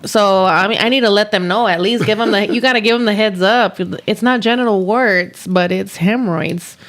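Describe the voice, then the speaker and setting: A woman's voice: mid-range voice, normal speed. Teasing woman podcast co-host. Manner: teasing, giggly, deadpan jokes. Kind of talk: casual chat.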